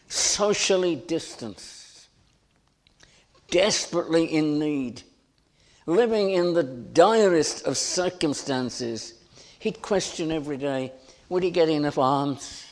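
Slow, deliberate male preacher. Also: on the high side, expressive. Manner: slow, deliberate and earnest, rising for emphasis. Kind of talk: sermon.

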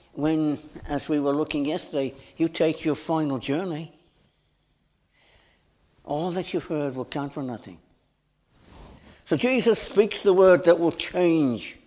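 Slow, deliberate male preacher. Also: a little high, darkish tone. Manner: slow, deliberate and earnest, rising for emphasis. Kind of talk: sermon.

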